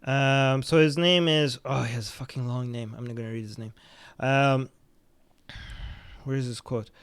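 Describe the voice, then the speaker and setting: A man's voice: mid-range voice, steady tone, normal speed, smooth, no room sound. A man who speaks English as a second language hosts a podcast, giving blunt, profane commentary on the news and reading out viewer comments. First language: not English. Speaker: podcast host.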